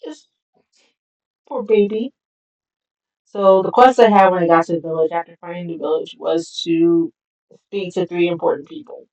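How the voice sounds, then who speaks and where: Streamer: low-pitched woman, casual rambling game commentary. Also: fairly even intonation, moderate pace, long pauses, a little mellow, rough recording. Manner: rambling, with many fillers.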